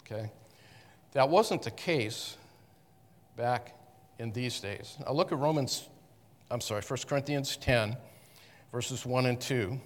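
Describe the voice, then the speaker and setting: Halting man teaching Scripture in a hall. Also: medium pitch. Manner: halting, with frequent restarts and self-corrections. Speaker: Bible teacher. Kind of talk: conversational Bible teaching to a congregation. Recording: long reverb of a hall.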